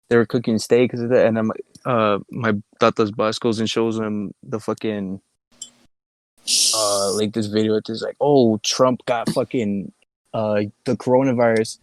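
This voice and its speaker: A man's voice: medium pitch, no room sound. A young man co-hosting a podcast, chatting casually and telling profane, rambling stories with lots of fillers, recorded in a car. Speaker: podcast co-host. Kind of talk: casual chat. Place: inside a car.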